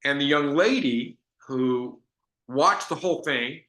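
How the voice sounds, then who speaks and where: A man's voice: mid-range voice, expressive, takes it slowly, bright, forceful tone, echoey room. A man giving a business sales training talk, telling stories in a conversational way with frequent restarts.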